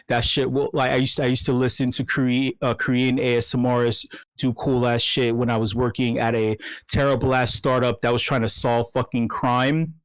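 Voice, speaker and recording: A male meetup host does a mock ASMR bit that keeps breaking into yelling, full of swearing and stammered repeats. His voice sits at a middling pitch. The sound is dry and close, with no room echo. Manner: profane, swings from hushed to yelling. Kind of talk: comic rant in mock ASMR.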